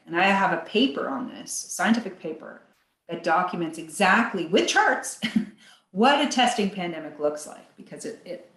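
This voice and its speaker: A woman appears as a guest on a podcast interview, speaking animatedly, acting out quotes in a higher voice and laughing between points. The audio is poor, with an echoey room.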